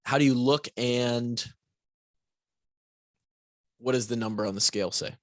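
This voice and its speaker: A medium-pitched male voice, unhurried and free of echo, belongs to a fitness coach hosting a solo podcast. He's a bit worn out and yawns, speaking casually with restarts, asides and a steady stream of "right?"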